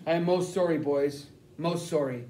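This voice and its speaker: A man voicing a middle-aged German spy who speaks quietly in stiff, formal phrases. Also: a little high, normal speed, lightly acted. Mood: remorseful. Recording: roomy echo.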